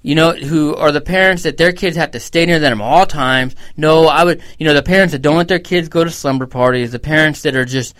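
A man's voice: on the high side, fairly quick, few pauses, fairly bright tone. A man co-hosting a podcast, telling stories in a blunt, profane, casual way. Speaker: podcast co-host.

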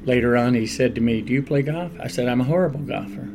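An older man, a pastor, telling stories in a relaxed, conversational interview and laughing often along the way. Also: medium pitch, fast talker, crowd noise. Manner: animated anecdotal storyteller, laughs often.

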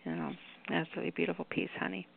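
A man's voice: a little high, sing-song, racing, vocal fry, breathy edge, dry recording. A man hosting a call-in poetry show, rambling and effusive in his praise. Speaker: radio show host. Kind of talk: casual chat. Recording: tinny phone line.

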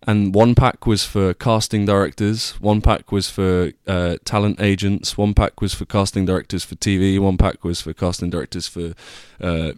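Low-voiced young man telling a story. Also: steady tone, moderate pace, hardly any pauses, a little mellow, clean tone, no room sound, studio quality. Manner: rambling, self-deprecating, swears casually. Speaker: vlogger. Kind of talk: casual storytelling.

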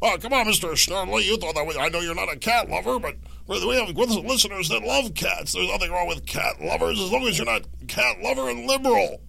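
A man doing an impression of a blustery male radio talk show host, loud and emphatic, stumbling over fillers. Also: high voice, animated, fairly quick, gravelly, few pauses, pitched above the performer's own voice, exaggerated voice. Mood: bombastic.

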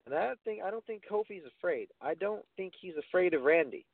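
A man's voice: sits high, animated, a little fast, gravelly, dry recording. A man co-hosting a casual wrestling talk show, giving blunt opinions with swearing and frequent restarts. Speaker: wrestling podcast co-host. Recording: phone-like, dry.

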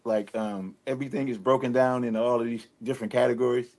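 Talking fast in a darkish, middle-pitched voice with fairly even intonation, a rapper guest with a Detroit drawl rambles in a laid-back way. In this casual interview talk he circles back with fillers and restarts as he thinks aloud.

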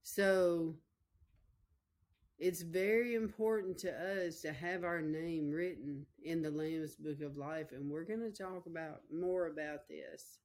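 A woman's voice: low-pitched, fairly even intonation, slow, a little mellow. A woman preacher, telling a personal story in a folksy, emotional way during a sermon.

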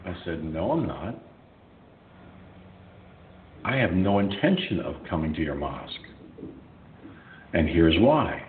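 A man hosting a radio show, telling a story in a blunt, profane, animated way. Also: sits low, slow pace, pauses often. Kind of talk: casual storytelling. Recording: echoey tinny phone-like line with faint hum.

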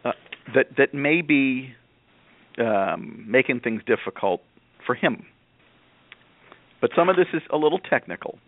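Man, call-in show host, calm, measured, patient, narrow phone-band sound. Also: medium pitch, dry recording. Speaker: radio show host, parenting expert.

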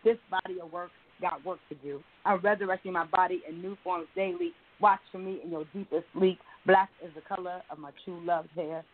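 A middle-aged woman poet with a fairly low voice speaks a little fast, hardly pausing, performing spoken word in a rhythmic, repetitive, chant-like cadence before chatting as a guest. The audio sounds tinny, like a phone line.

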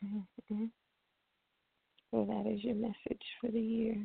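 A woman radio host with a deeply gravelly, creaky voice gives steady, calm readings. Her voice comes through a tinny, phone-like line with a dry, close sound. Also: takes it slowly, dry recording. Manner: calm, steady advice-giving. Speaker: radio host and spiritual reader.

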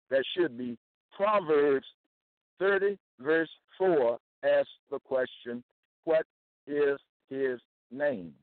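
A man's voice: on the high side, no echo, narrow, tinny audio. A man giving a Bible teaching, emphatic and repetitive, often checking that listeners follow. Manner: emphatic, repeats key phrases, checks in with listeners. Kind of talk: slow Bible teaching to camera.

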